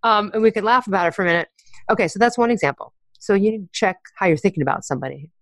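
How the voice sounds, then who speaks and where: A woman's voice: mid-range voice, lively intonation, rapid-fire, no echo, studio quality. A woman speaking as an author and coach in a casual podcast conversation, candid and chatty, with slang and laughs as she talks.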